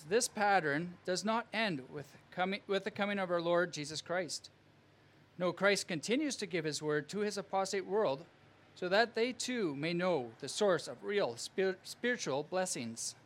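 Pastor guy giving a sermon, earnest and emphatic, fairly high voice. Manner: earnest, emphatic preaching with measured phrasing.

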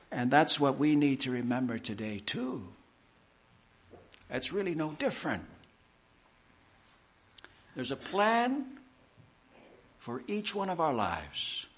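Man preaching with lively rising pitch. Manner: emphatic, slow deliberate preaching with dramatic pauses. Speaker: pastor. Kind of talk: sermon.

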